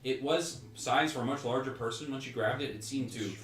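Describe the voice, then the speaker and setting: A man's voice: mid-range voice, a little fast, fairly bright tone. A man narrating as game master in a tabletop game, rambling with laughing asides. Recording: echoey room, mic far off.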